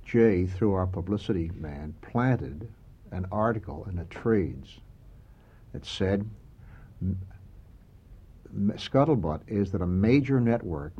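An older man telling animated anecdotes about making cartoons as an interview guest. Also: low voice, takes it slowly, pauses often, slightly rough, muffled recording. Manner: lively, animated storyteller, laughing often.

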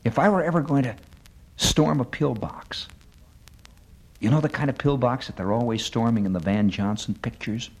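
Wry husky-voiced male radio monologist. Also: medium pitch, moderate pace, a little mellow, low-quality recording. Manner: wry, sardonic, rhythmic build-ups.

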